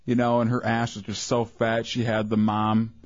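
Brief: male co-host, mid-pitch, crude and teasing, dull lo-fi sound. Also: completely flat delivery, moderate pace. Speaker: radio co-host. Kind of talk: casual radio banter.

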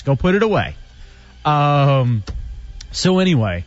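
A male radio host runs a rowdy talk show, joking and teasing the people around him. His voice sits a little high and leaps around with a lot of expression. The sound is dry and dull, like a lo-fi broadcast. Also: very animated, normal speed, dry recording. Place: radio studio.

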